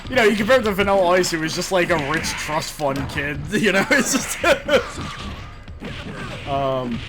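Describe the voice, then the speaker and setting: A man's voice: high voice, sing-song, measured pace. A man streaming a game, chatting casually and rambling, laughing often. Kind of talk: casual gameplay chat. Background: game music.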